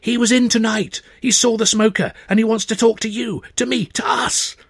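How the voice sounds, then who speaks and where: A man reading an audiobook, voicing an excitable young student who talks in a flustered, gushing rush. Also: high voice, moderate pace, husky, no room sound, clean studio sound, voice pushed up. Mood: urgent. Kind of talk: audiobook character voice.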